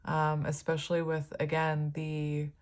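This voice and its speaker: A woman's voice: low voice, monotone, a little slow, darkish tone. A woman giving a casual tarot reading, talking in a rambling, filler-heavy way and easily moved. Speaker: tarot reader.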